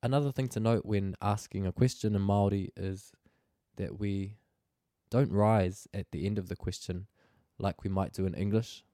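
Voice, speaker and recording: A man's voice: lowish voice, steady tone, normal speed, dark tone, dry recording, clean studio sound. A man teaching a Māori language lesson, explaining phrases patiently and pronouncing them carefully.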